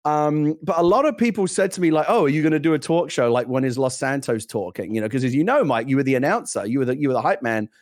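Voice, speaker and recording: A middle-aged British man tells a story in casual chat, rattling along at a brisk clip. He laughs often and restarts his sentences as the ideas tumble out. His voice sounds close and dry, with no room around it. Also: medium pitch, expressive, no room sound. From Britain. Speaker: podcast co-host.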